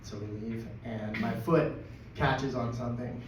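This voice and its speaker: A man telling a personal story at a live storytelling event, excitable and laughing through it. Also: medium pitch, a little slow. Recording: echoey, distant, dull live recording with noise.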